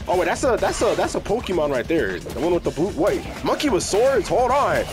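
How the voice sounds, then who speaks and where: Hype young guy gaming, kinda high voice, yells a lot, music playing under him. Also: fairly quick, few pauses. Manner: excitable, yelling, slangy, hype. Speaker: gaming streamer. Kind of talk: casual gameplay commentary.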